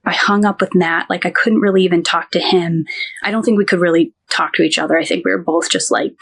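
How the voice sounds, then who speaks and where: Podcast guest, woman, 30s, emotional first-person storytelling, halting delivery. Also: lowish voice, fairly even intonation, vocal fry, breathy edge. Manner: halting, many restarts, quotes others.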